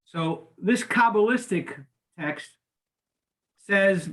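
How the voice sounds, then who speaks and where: A man's voice: fairly high pitch, expressive, a little slow, long pauses. An older man teaching a class, lecturing in an informal way with frequent restarts and repeated words. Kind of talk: conversational lecture.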